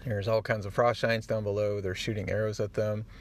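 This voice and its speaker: A man hosting a podcast, retelling a comic book in a casual, animated way and getting choked up at the moving parts. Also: fairly low pitch, fairly quick. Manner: animated storyteller, acts out the dialogue; easily moved, gets choked up. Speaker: podcast host.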